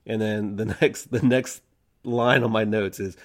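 A man's voice: on the low side, steady tone, moderate pace. A man co-hosting a podcast in casual chat, rambling with many stammered restarts and easy laughs. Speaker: podcast co-host.

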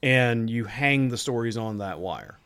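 A man co-hosting a podcast in casual chat, dry and wry, with halting restarts. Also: medium pitch, expressive, fairly bright tone, smooth. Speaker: podcast co-host.

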